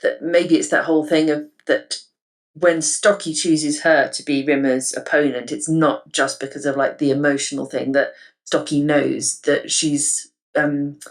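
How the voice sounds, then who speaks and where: Low-voiced enthusiastic woman podcaster. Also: steady tone, a little slow, creaky. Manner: chatty and enthusiastic, with filler words and laughs. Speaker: podcast co-host. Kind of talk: casual podcast discussion.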